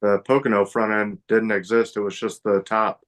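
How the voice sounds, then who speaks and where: A man co-hosting a racing podcast in casual chat, speaking in a relaxed, matter-of-fact way. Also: fairly low pitch, moderate pace.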